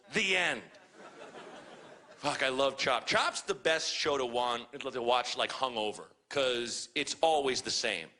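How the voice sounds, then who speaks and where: A man doing a profane stand-up comedy set on a club stage, telling stories and acting out other people's voices. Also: medium pitch. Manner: profane, animated storytelling with acted-out voices.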